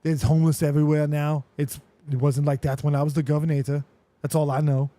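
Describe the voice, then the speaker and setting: A man doing an impression of a gruff, musclebound action-star governor, in a loud, gravelly, blustering voice. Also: on the high side, flat delivery, brisk, dry recording, voice pushed down, natural voice.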